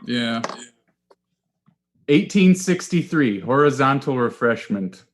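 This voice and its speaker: Man, comedy podcast co-host, slow pace, lively pitch, laughs a lot. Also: slight background noise. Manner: laughs often, reads out odd terms. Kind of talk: casual comedic banter.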